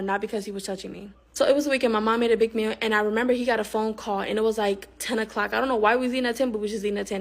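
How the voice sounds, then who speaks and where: A young woman telling a personal story in a candid, emphatic way, often dropping to a hushed tone. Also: medium pitch, gravelly. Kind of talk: storytime monologue.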